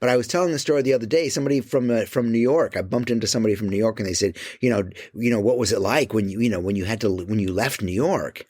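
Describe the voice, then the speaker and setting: A man speaking as a creative coach in an emphatic motivational monologue, swearing casually and dropping to quiet low asides. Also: quick pace, few pauses, dry recording.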